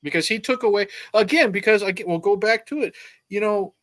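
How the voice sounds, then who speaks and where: A man's voice: high-pitched, a little fast, a bit bright. A man co-hosting a casual film podcast, giving blunt, profane opinions.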